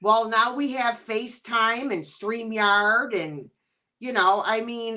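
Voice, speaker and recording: A woman from Southern California co-hosting a live video stream, briskly reading out where viewers are joining from. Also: on the high side, bright, forceful tone. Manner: brisk, reads out viewer locations. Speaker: livestream co-host. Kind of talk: casual live-stream chat.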